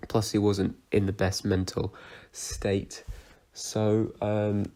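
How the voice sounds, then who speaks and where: Low, flat-voiced man reviewing a soap. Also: slow. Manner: rambling, many fillers and restarts. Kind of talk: casual spoken review.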